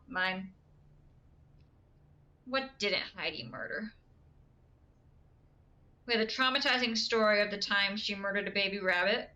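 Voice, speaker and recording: Bright chatty girl streaming, giggly, middle pitch, just talking to chat. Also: muffled recording. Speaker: game streamer. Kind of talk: casual live-stream chat.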